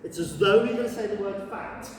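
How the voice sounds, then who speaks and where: Teaching Cantonese greetings, a male workshop leader keeps a brisk pace and a high voice, elongating the tones playfully for the children and families gathered. The setting is a crowded, echoey gallery hall, and the recording was made from far off amid the listening crowd.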